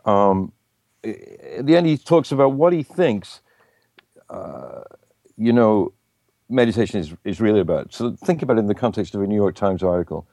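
A man co-hosting a podcast, chatting casually and reading a passage aloud, with halting, stumbling starts. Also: on the low side, expressive, vocal fry, warm tone, no room sound, clean studio sound. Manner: halting, stumbling starts when speaking off the cuff. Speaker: podcast co-host.

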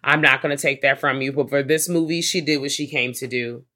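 A woman co-hosting a podcast, retelling a horror movie scene in a lively, animated way and swearing freely. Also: a bass voice, brisk. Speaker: podcast co-host. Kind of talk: casual movie recap chat.

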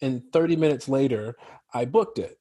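A man from Chicago with an American accent, a guest actor chatting casually in an interview, relaxed and quick to laugh. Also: medium pitch, slightly rough, dry recording. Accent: General American. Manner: relaxed, laughs easily, many fillers.

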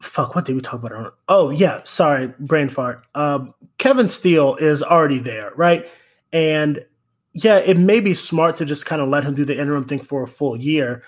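A man's voice: on the high side, normal speed. Rambling man in casual sports talk. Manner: rambling, stumbles and restarts. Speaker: podcast co-host.

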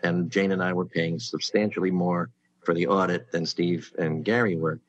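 A man's voice: deep voice, normal speed, no room sound, highs cut off. A middle-aged man, a sitcom writer, telling show-business anecdotes in casual chat and acting out the people he quotes. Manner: animated storyteller who acts out quoted people.

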